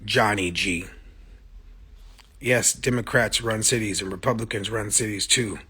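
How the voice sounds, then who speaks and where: Impassioned husky-voiced man ranting on livestream. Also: lowish voice, fairly even intonation, a little slow, bright, forceful tone. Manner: impassioned, blunt and profane, answering viewer comments. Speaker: musician streaming live to fans. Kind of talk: casual livestream monologue. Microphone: phone.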